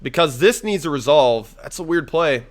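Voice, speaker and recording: A man's voice: fairly high pitch, lively intonation, normal speed. Profane, rambling young man gaming. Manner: rambling, profane, thinking aloud. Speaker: gaming YouTuber. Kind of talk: casual gameplay commentary.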